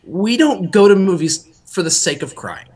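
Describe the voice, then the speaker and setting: A young man co-hosting a podcast, talking casually in a rambling, animated way that often breaks off and restarts. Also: sits high, moderate pace, breathy edge. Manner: rambling, self-interrupting, animated. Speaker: podcast co-host.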